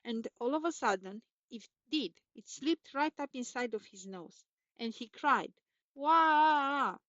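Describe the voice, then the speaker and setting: A woman's voice: fairly high pitch, expressive, moderate pace, no echo. Woman storyteller, children's story reading, lilting repetitive telling, dry close sound, muffled. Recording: dull, dry recording.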